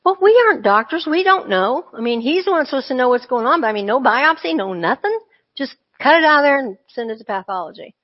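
Woman, churchgoer, earnest conversational testimony, slightly high voice, muffled lo-fi sound. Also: expressive, fast. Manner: earnest, conversational, with frequent asides. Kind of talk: personal testimony storytelling. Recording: dull lo-fi recording.

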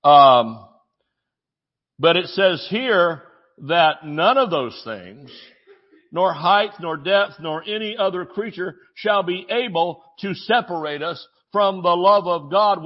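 A man pastor preaching a sermon, reading scripture with jokes and sudden shouts. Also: high-pitched, animated, slow pace. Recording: dull lo-fi audio.

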